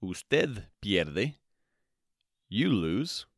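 A man teaches a podcast language lesson at an unhurried pace, his pitch rising and falling a lot as he repeats each phrase. His voice sits on the low side. The sound is close and dry. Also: very animated, no echo. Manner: slow, repetitive, spells out phrases twice with translations; checks in with "okay?" and "all right". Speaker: Spanish teacher, podcast host.

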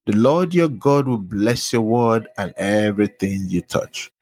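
A man's voice: fairly low pitch, expressive, measured pace, darkish tone, slightly rough. A man reading Bible verses aloud, announcing each book and verse before reading it with emphasis. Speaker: scripture reader.

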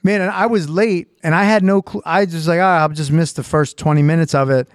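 Jokey podcast man, slightly high voice. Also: steady tone, fairly quick, no room sound, clean studio sound. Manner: jokey, reflective, laughs easily. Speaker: podcast co-host, school owner. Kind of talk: casual chat.

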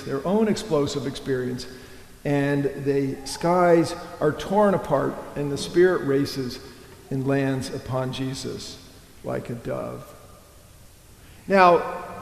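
A man's voice: fairly high pitch, a little mellow. A man preaching an earnest, rambling sermon as a priest, often stopping to restart his thoughts. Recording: echoey church hall.

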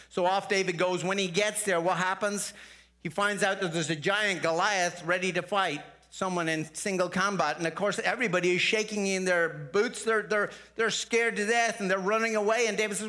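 A man preaching a sermon in an earnest, conversational manner, often restarting his sentences. His voice sits slightly higher than most men's. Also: normal speed, bright, forceful tone. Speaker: pastor.

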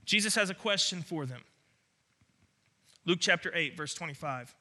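A man's voice: on the high side, animated, normal speed, long pauses, bright, forceful tone. A man preaching a sermon, earnest and emphatic, often restarting his words. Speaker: pastor.

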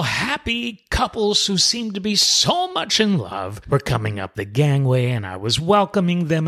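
A male podcast host spinning a personal story in a lively, expressive monologue. His pitch rises and falls widely as he tells it. His voice sits at an ordinary middle pitch for a man. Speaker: podcast host and cruise director.

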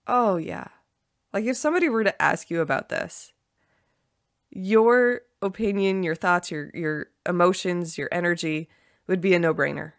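A woman with a slightly low voice hosts her own podcast, talking with bright enthusiasm and slipping into excited quoted asides. The sound is dry and close, with no room around it. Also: moderate pace, no room sound. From Canada. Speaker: podcast host. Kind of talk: solo podcast talk.

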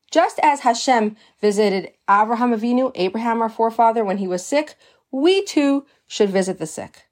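Earnest woman teaching Torah. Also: medium pitch. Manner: earnest, emphatic, sprinkles Hebrew terms. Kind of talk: storytelling lesson.

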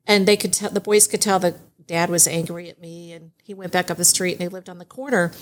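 A middle-aged woman guest on a podcast, telling family stories in an animated way and laughing often. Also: lowish voice, a little fast, slight background noise. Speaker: guest, divorce mediation attorney. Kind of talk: casual podcast storytelling.

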